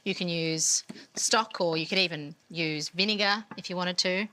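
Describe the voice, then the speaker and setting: A woman's voice: fairly low pitch, normal speed, pushed and bright, rough recording. A woman hosting a cooking show, walking through each cooking step while asking her guest questions.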